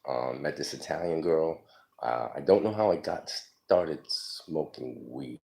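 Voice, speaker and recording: A man in his forties telling stories from his life in a casual, rambling way, halting with many ums. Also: extremely low pitch, creaky, darkish tone. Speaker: storyteller. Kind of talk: casual personal storytelling.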